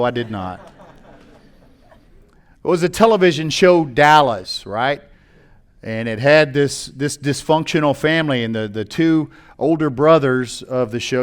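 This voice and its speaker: A man's voice: fairly high pitch, clean tone. A middle-aged American man, a pastor, preaching a sermon, reading scripture aloud and commenting on it in a conversational way.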